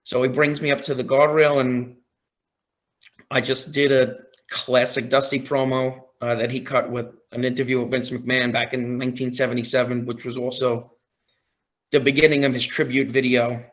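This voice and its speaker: A man on a podcast as a guest, telling a story in a casual, excited way, often quoting his own reactions. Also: medium pitch, normal speed. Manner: excited, retelling with quoted reactions.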